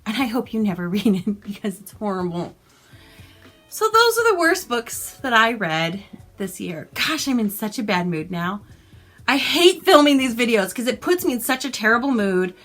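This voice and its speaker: A woman's voice: fairly high pitch, moderate pace, soft background music. A woman vlogging a casual, exasperated and sarcastic book review from home. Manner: exasperated, sarcastic, animated retelling.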